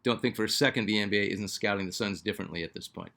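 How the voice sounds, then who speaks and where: A man's voice: lowish voice, very fast, creaky, sharp tone. A man hosting a basketball fan channel, chatting casually and reading out viewer comments, with lots of fillers and restarts. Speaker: sports channel host.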